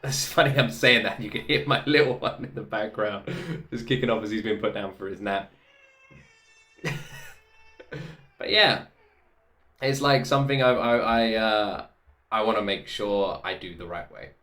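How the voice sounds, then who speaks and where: Emotional man in a roomy room. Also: lowish voice. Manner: excitable, openly emotional, talks in quick bursts and repeats himself. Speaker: reaction video host. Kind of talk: emotional reaction commentary. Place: home room.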